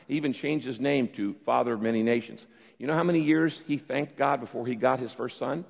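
A man preaching a sermon, teaching emphatically and dropping now and then to a low, quiet tone. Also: quick pace, creaky, long reverb tail. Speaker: pastor.

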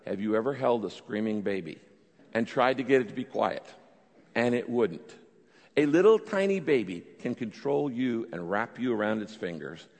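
A pastor preaching a sermon, his voice rising with emphasis as he voices quoted prayers. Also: medium pitch. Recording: long reverb of a large hall.

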